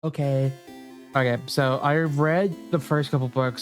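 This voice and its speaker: A man streams a video game in casual let's-play style, reading the on-screen text aloud and reacting with emotional, swear-filled commentary that swings from muttering to outbursts. His medium-pitched voice is unhurried, with soft music in the background.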